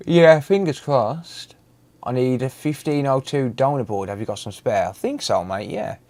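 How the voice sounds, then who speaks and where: A man's voice: mid-range voice, animated, normal speed, a little mellow. A man hosting a casual live stream, greeting viewers by name and chatting loosely.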